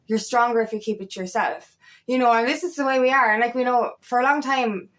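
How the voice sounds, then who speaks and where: A woman's voice: a little high, steady tone, quick pace. Chatty, emphatic woman coach. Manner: chatty and emphatic, repeats phrases, casual swearing. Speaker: feminine empowerment coach. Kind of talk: casual motivational talk to camera.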